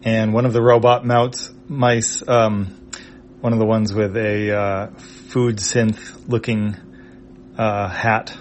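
Low-voiced man reading a comic aloud. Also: flat delivery, takes it slowly, slight background noise. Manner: hesitant, with fillers and restarts.

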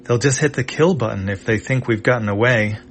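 A man's voice: mid-range voice, brisk, a little hiss or hum, natural voice. A man voicing a practical, wary male space traveler from a sci-fi comic, in an earnest, matter-of-fact way.

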